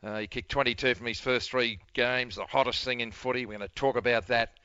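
Bright-voiced Australian radio host. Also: male voice, mid-range voice, steady tone, clean tone, no room sound, lo-fi sound. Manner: brisk, punchy announcer delivery. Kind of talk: radio interview hosting.

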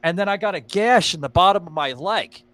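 A man hosting a podcast with a bright, forceful voice that sits a little high. He tells stories in a loose, rambling way, peppered with fillers and swearing. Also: expressive, brisk, no echo. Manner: rambling, profane storytelling with many fillers. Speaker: podcast host. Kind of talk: casual podcast chat.

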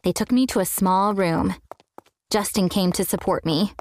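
A woman's voice: mid-range voice, normal speed, darkish tone. A young woman reading a scripted first-person story in an earnest way, now and then acting out the quoted lines.

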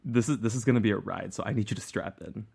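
A chatty man with a fairly low voice hosts a true crime podcast. He talks loosely, full of filler words, and laughs easily between thoughts. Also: quick pace, creaky, darkish tone, breathy edge. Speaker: podcast host and narrator. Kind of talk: casual podcast chat.

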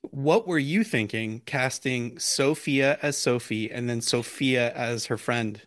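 A man's voice: mid-range voice, takes it slowly, a bit bright. A man hosting a podcast puts casual questions to a director. His delivery is conversational and loose, and he often starts his phrases over. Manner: conversational, stumbling restarts. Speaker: podcast host, interviewer.

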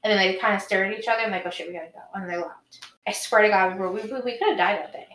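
Woman, casual story, lots of "like", bright tone, roomy echo. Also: mid-range voice, very fast. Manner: animated storyteller, many "like" fillers, swears. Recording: echoey room.

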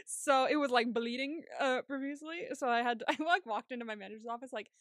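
A woman's voice: sits high, fast, no echo, clean studio sound. A young woman co-hosting a podcast, chatting casually and telling stories with lots of laughter and acted-out quotes. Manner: chatty storytelling, laughs often, acts out quotes. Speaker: podcast co-host. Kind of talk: casual chat.

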